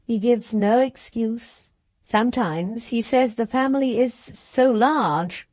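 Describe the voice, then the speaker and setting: A woman voicing an aggrieved gentlewoman in a period audiobook, complaining in a plaintive tone. She speaks slowly in a somewhat high voice. The sound is dry and close. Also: no room sound. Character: aggrieved, self-pitying aristocratic wife, middle-aged woman.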